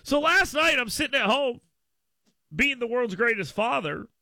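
A male radio talk show host with a high, bright voice, recorded dry and close in the studio. He rambles through a story, full of asides and sudden emphasis. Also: animated, normal speed, vocal fry, dry recording. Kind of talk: casual radio monologue. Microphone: studio microphone.

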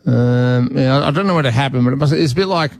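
A man's voice: medium pitch, fast talker, creaky. An Australian man hosting a talkback radio show, chatting casually with callers and thinking aloud with frequent restarts. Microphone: studio mic.

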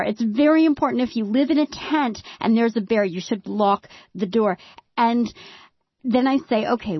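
A woman in her thirties telling a personal story live, with dry deadpan humor and sudden hushed whispers. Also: medium pitch, no echo, muffled recording.

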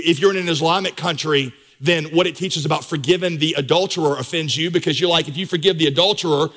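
A male pastor preaching a sermon, direct and conversational, with emphatic surges in pitch. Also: fairly bright tone.

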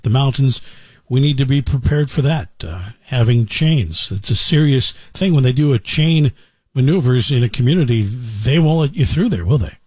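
Husky-voiced radio host. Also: male voice, medium pitch, animated, normal speed, a little mellow, no echo. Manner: conversational, asks leading questions. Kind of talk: radio interview.

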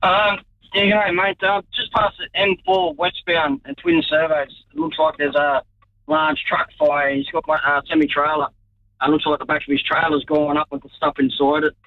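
A man's voice: on the high side, lively intonation, moderate pace, creaky, dry recording. A man calling in to a radio show to report a traffic incident, hesitant with many fillers. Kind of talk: phone-in report. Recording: tinny phone line.

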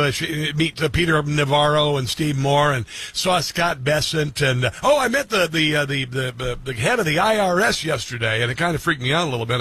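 Husky bright-voiced talk radio host. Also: male voice, a little high. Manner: rambling, halting with fillers. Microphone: studio mic.

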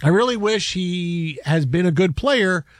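Animated man with dry close sound. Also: high voice, measured pace, no echo. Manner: animated, rambling with restarts. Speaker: sports podcast host. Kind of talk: casual sports chat.

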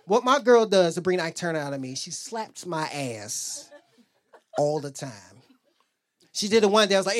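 Stand-up comic, male, profane and brash, lively pitch, live club mic. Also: normal speed. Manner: brash, profane storytelling with loud character bits. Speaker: stand-up comedian. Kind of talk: stand-up comedy set. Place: comedy club stage.

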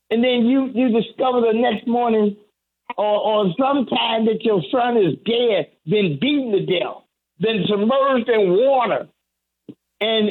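A reverend with a notably high voice speaks earnestly as a guest on a call-in radio show. His delivery is heavy-hearted and halting, full of restarts. The sound is thin and tinny, coming down a phone line. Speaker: reverend and community advocate.

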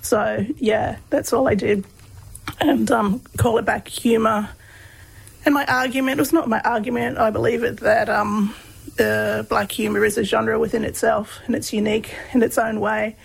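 A woman's voice: on the high side, steady tone, moderate pace, vocal fry, slightly rough, poor audio. An Australian woman telling a personal story as an interview guest, chatty and laughing often as she talks. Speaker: guest, PhD researcher on humour.

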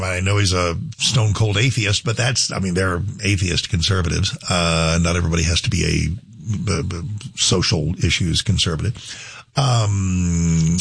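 A man's voice: on the low side, creaky, a bit bright, breathy edge, dry recording, clean studio sound. A middle-aged man hosting a talk show, rambling through a casual monologue with many restarts and asides.

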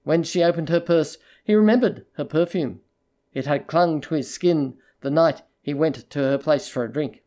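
Measured literary audiobook narrator. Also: medium pitch, warm tone.

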